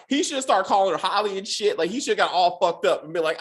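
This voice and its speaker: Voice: medium pitch, fast talker, few pauses. A podcast host ranting casually about a TV episode, swearing freely and acting out characters' lines. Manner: profane, animated, acts out characters' lines. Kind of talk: casual spoiler rant.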